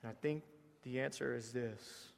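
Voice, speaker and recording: Gravelly Southern pastor preaching in a hall. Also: male voice, mid-range voice, steady tone, moderate pace. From South Georgia, US. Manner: swings from hushed to loud and rising, repeats words for emphasis. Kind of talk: sermon.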